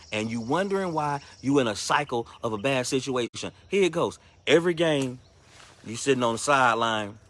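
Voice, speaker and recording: A man's voice: mid-range voice, fairly bright tone. A man giving a motivational devotional talk, exhorting listeners in a repetitive, slangy coaching manner. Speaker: ministry speaker.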